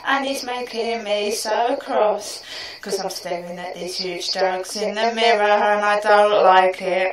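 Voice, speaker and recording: A woman's voice: mid-range voice, fairly even intonation, unhurried, a crowd in the background. British woman half-singing a comic song. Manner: rambling half-sung storytelling. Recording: echoey room, far from the mic.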